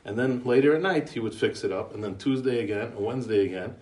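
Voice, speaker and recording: An American man talks fast in a medium-pitched, slightly mellow voice, offering a eulogy as a rambling series of anecdotes. His English is thick with Yiddish and Hebrew yeshiva expressions, and he chuckles and restarts often. The sound is roomy, the mic far off.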